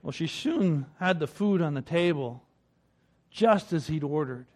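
A man's voice: a little high, expressive, a little slow. A man giving a conversational sermon, often repeating words as he starts a phrase and chuckling between points. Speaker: preacher.

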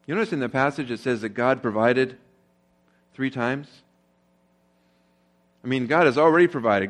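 A male pastor preaches in an easy, conversational style and keeps turning to the congregation with rhetorical questions. His pitch sits in the middle range for a man. When he presses a point, he grows noticeably more emphatic. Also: normal speed, long pauses. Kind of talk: sermon.

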